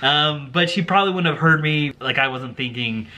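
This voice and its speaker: A young man casually commenting on his own video, telling stories in a chatty, animated way. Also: on the high side, moderate pace, muffled recording. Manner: chatty, animated storytelling with put-on quotes.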